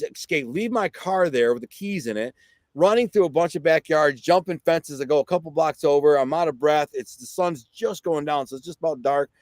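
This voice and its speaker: A man's voice: a little high, dry recording. Middle-aged man telling a vivid story. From Detroit, USA. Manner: vivid, excited storyteller who acts out quotes; conversational, with frequent fillers and "right?". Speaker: podcast guest. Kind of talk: casual storytelling.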